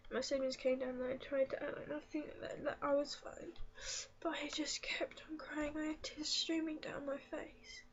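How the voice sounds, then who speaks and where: A teen vlogger makes a confession in a high, halting voice, speaking slowly and softly and often falling to a tearful whisper. Her delivery is flat, and the audio is muffled and lo-fi.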